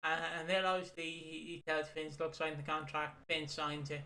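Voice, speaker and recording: A man's voice: a little high, flat delivery, moderate pace, sharp tone, a little hiss or hum. A man co-hosting a casual wrestling podcast, recapping in a rambling way, swearing and laughing at his own stories. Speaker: podcast co-host. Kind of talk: casual chat about wrestling.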